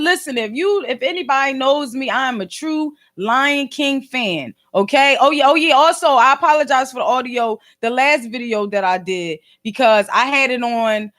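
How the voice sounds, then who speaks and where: Woman, Philadelphia accent, high voice, animated slangy storytelling to viewers. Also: moderate pace, few pauses. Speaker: podcast and video host.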